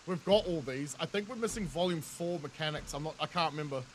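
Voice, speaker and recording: A man's voice: fairly high pitch, fast talker, a little hiss or hum. A man in his thirties with a New Zealand accent, chatting with viewers in casual, jokey gameplay commentary, laughing often and swearing freely. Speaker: game streamer.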